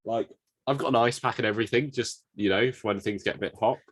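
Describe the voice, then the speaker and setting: A man's voice: on the low side, fast, dry recording. A young man from England, co-hosting a podcast in joking, self-deprecating chat while ill with covid. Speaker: podcast co-host. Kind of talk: casual chat.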